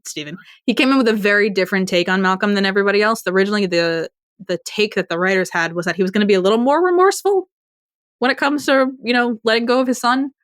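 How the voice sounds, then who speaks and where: A woman's voice: medium pitch, quick pace, dry recording, studio quality. A woman co-hosting a podcast in casual chat, rambling and laughing often. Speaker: podcast co-host.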